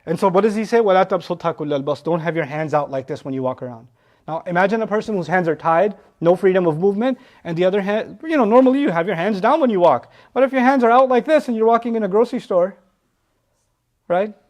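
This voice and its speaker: A man explains Quran verses at a quick clip, his voice sitting high. He keeps it lively, firing off rhetorical questions and slipping into the voices of people he describes. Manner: animated, rhetorical questions, acts out quoted voices. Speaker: Quran teacher.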